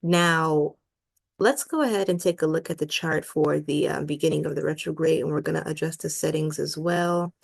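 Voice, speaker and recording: A young woman in her twenties teaches astrology casually, thinking aloud with plenty of ums and uhs. Her voice sits a little low and crackles with vocal fry, worn and hoarse as she loses it. She speaks through her laptop's built-in mic on a video call. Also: fairly even intonation, moderate pace. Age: 20s. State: losing her voice. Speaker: astrologer host. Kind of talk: casual screen-share astrology lesson. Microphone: laptop built-in mic over a video call.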